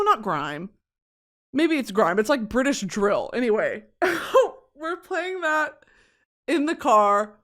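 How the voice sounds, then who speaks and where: A woman from Texas with a Texan accent, hosting a podcast and telling a comedic story in an animated, profane way, laughing often. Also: a little high. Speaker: podcast host.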